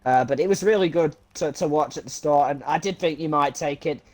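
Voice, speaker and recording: A man with a voice going hoarse, co-commentating and interviewing a driver after a race, hesitant and full of restarts. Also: a little high, a little fast, darkish tone.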